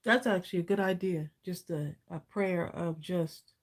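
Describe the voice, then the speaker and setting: A woman's voice: lowish voice, moderate pace. A middle-aged woman co-hosting a live craft stream, chatting casually and upbeat while she demonstrates, laughing often.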